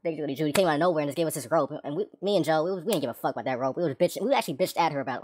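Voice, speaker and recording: A woman's voice: sits low, racing, hardly any pauses, darkish tone, slightly rough. A woman telling a story on her vlog in a casual, rambling way, swearing a lot and breaking off into joking asides.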